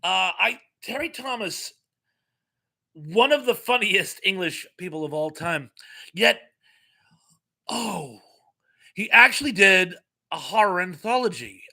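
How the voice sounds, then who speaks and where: A middle-aged American man hosting a live chat stream. He has a bright voice pitched a little above the usual for a man, and he reads viewers' comments aloud in a chatty, jokey way. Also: expressive, slow pace, long pauses. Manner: chatty and jokey, laughing often.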